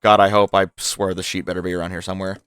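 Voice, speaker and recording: A young man as game master of a streamed tabletop game, casual and excitable, swearing freely as he describes the action. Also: low-pitched, very fast, smooth, no room sound.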